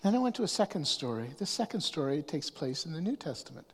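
A man preaching a sermon, often restarting his words and swinging from hushed asides to raised emphasis. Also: fairly high pitch, sing-song, quick pace, husky. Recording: long hall reverb.

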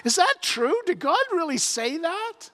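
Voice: very high-pitched, sing-song, unhurried, bright, forceful tone, voice pushed up, exaggerated voice. A preacher voicing a sly serpent who asks incredulous, needling questions, acted out in a sermon. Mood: mocking. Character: sly talking serpent, tempter. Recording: long hall reverb.

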